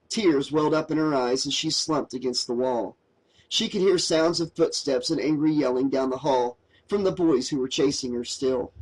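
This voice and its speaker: A man narrating a horror audiobook in a steady, dramatic storytelling voice. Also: fairly high pitch, rough recording.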